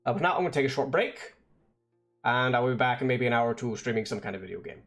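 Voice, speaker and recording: Male streamer, mid pitch, casual and profane, talks to himself while coding, soft music underneath. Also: fast talker, gravelly. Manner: mutters to himself, swears, frustrated debugging; explains code step by step. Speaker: vtuber streamer.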